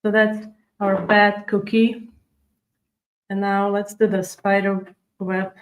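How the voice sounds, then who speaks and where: Decorating at her table, a cookie-decorating livestream host guides viewers through a live baking tutorial step by step and responds to their comments. Her medium-pitched voice is level and chatty, unhurried with little rise and fall. The low-quality recording carries a faint hiss or hum.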